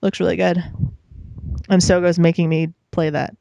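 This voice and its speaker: A young woman co-hosts a casual gaming podcast, giggling often and rambling through her thoughts with plenty of fillers. Her voice sits at a middling pitch. It is recorded close and dry, with no room sound. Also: little pitch movement, moderate pace, vocal fry, dark tone, dry recording. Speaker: podcast co-host. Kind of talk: casual chat.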